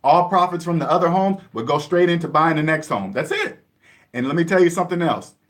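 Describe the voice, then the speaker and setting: A man's voice: fairly high pitch, animated, a little fast, fairly bright tone. A man from the Seattle area giving an emphatic, repetitive money lecture in a casual vlog monologue. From Seattle area, USA. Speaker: personal finance vlogger.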